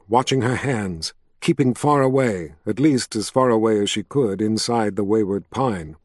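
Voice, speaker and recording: A man narrating a story as an audiobook, with an expressive reading style. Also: medium pitch, no echo, studio quality. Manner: expressive, reads all the character voices himself.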